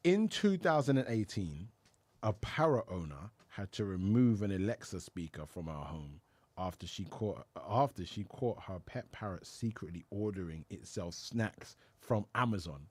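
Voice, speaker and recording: A man's voice: on the low side, animated, moderate pace, a little mellow, no echo. Laughing man in dry studio. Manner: laughing often, sweary banter. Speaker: podcast co-host. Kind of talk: casual chat, reading out fun facts.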